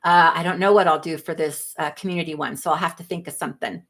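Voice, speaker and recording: A woman's voice: low-pitched, fairly even intonation, fast, fairly bright tone. A middle-aged woman hosting a livestream, chatting casually, reading viewer comments, rambling and laughing often. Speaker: livestream host.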